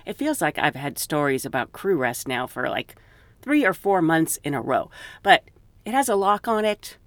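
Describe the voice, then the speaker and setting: A woman flight attendant telling stories in a casual, animated way, often laughing and quoting people. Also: deep voice, normal speed, over music. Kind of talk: casual storytelling.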